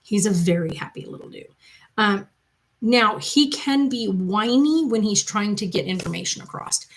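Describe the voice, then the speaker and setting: Woman, channel host, chatty and rambling, answering viewers, home loft, mid-pitched voice. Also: expressive, normal speed, rough recording. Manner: chatty, rambling, loose storytelling. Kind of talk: casual chat answering viewer comments. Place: upstairs loft of her home.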